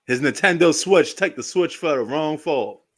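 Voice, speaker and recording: A man riffs casually over a live basketball game. His voice sits a little high, and he rambles from story to joke, laughing often as he goes. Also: lively intonation, moderate pace. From New York. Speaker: sports live-stream host.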